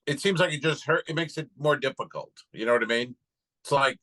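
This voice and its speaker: Guy on a comedy podcast, bright voice, swears a lot, acts out what people said. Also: medium pitch, expressive, brisk, poor audio. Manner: loose, profane storytelling with acted-out quotes. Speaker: podcast co-host. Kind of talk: casual comedic chat.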